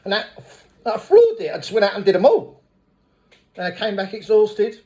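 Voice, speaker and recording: A middle-aged man with a blunt, swearing manner, telling his recovery story at a meeting as a lively storyteller. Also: high-pitched, moderate pace. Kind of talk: personal recovery testimony.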